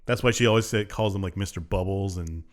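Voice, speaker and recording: A man's voice: low-pitched, fast. A man co-hosting a podcast in casual chat, jumping in with details and jokes. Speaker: podcast co-host.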